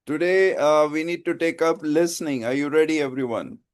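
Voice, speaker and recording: A man leads a lesson in a classroom full of students, pausing to ask them questions. His voice sits a little high for a man. The sound is dry, with little room echo. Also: clear, resonant tone. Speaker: IELTS teacher. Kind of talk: live classroom lecture.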